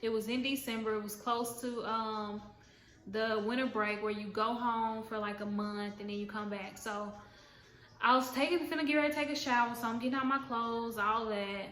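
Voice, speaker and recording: A young woman telling a casual storytime, animated and slangy, acting out what people said. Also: a little high, moderate pace. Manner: animated, slangy, acts out quotes. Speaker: vlogger. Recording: echoey room, faint background noise.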